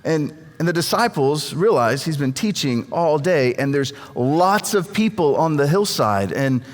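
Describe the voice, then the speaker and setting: A man's voice: a little high, animated, a little slow. A man preaching a sermon as pastor, telling stories in a conversational way and often repeating words as he goes. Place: church. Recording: long reverb of a church hall.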